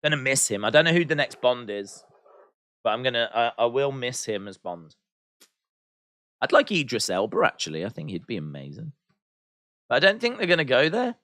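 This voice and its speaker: A man's voice: mid-range voice, very animated, moderate pace, long pauses, a bit bright, no echo. A man hosting a live watch-along stream, chatting casually, reading out viewer comments and answering them with playful teasing humor. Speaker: livestream host.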